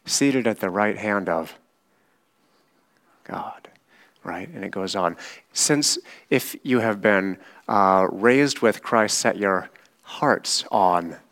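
A man delivers a sermon in a lowish voice. He speaks very slowly and deliberately, like a patient teacher, and often checks in with his listeners. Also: creaky, fairly bright tone. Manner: slow, measured teaching with frequent "right?" checks. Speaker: pastor.

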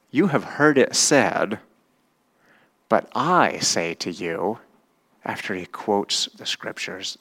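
A man preaching a sermon in a conversational way, often asking his listeners questions. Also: medium pitch. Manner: conversational, asks the congregation questions. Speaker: pastor.

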